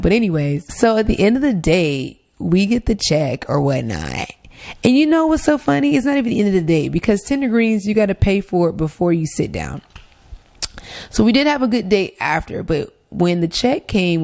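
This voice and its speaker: Woman host spilling her dating drama, candid and cussing, kinda low voice. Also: creaky. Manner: candid, animated, swears freely. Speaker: podcast host. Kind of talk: casual storytelling. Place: Los Angeles.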